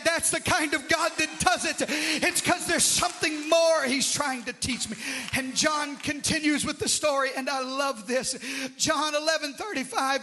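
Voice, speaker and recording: A man preaching a sermon with passion, swinging from drawn-out shouted phrases to hushed, quiet lines. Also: very high-pitched. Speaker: pastor.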